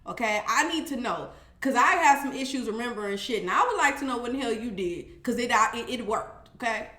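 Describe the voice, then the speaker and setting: A woman recaps a reality episode in a casual, sassy way, swearing freely and acting out what people said. Her voice sits fairly high. The room around her is echoey. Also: fairly quick. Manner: animated, profane, sassy commentary with acted-out quotes.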